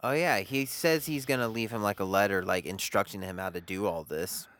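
A man's voice: fairly low pitch, a little fast, fairly bright tone, dry recording, studio quality. A young man in casual book talk who fills his sentences with "like.". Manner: casual, leans on "like" constantly. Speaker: book discussion co-host.

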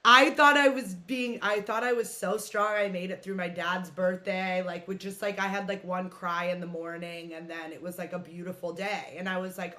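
A woman's voice: medium pitch, normal speed, bright, forceful tone. A woman hosting a podcast, talking in a chatty, rambling, frank way with frequent swearing. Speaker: podcast host. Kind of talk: casual chat.

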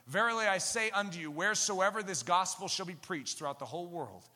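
A man preaching a sermon, telling stories with animated acting and reading scripture aloud. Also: sits high. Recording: long hall reverb.

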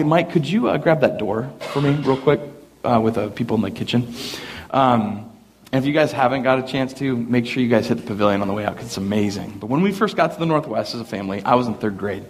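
A middle-aged man preaching a storytelling sermon, acting out family members in raised voices, in a church hall with an audience. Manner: animated, acts out family members in higher voices. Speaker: pastor.

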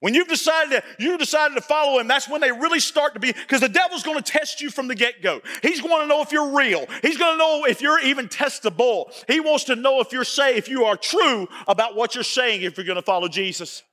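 A male pastor preaching a sermon, folksy and repetitive, building to shouts. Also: very high voice, expressive, a little fast, few pauses, in a large hall. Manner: folksy, repeats phrases, rises to shouting. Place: church sanctuary.

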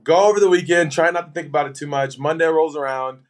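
A young man, a pro football player, casually telling a long anecdote with lots of fillers and lively retelling. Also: on the high side, quick pace. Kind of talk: casual storytelling.

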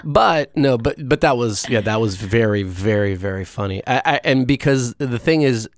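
A man's voice: mid-range voice, expressive, moderate pace, dry recording, studio quality. A man co-hosting a casual chat, rambling and teasing, with frequent restarts. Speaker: podcast co-host.

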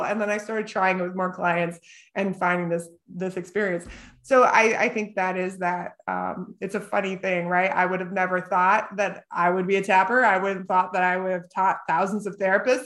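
A talkative woman co-hosting a podcast, speaking at an ordinary middle pitch. She laughs often and strings her thoughts together with plenty of "like" and "um." Her delivery is loose and conversational, like a therapist talking shop with peers. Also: steady tone, moderate pace, a bit bright. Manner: chatty, laughs often, lots of "like". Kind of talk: casual chat.

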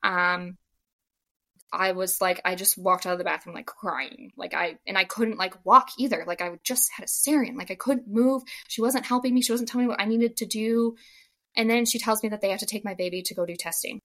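A young woman telling her own story in a casual podcast interview, animated, acting out the dialogue and saying "like" a lot. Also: mid-range voice, fairly quick. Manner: animated, acts out quoted dialogue, frequent "like". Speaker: podcast guest.

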